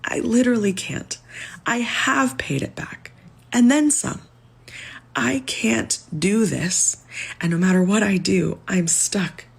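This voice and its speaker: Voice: medium pitch, slow, creaky, breathy edge. A young adult borrower giving a distressed, pleading personal account, close to tears. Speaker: student loan borrower. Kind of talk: emotional personal testimony.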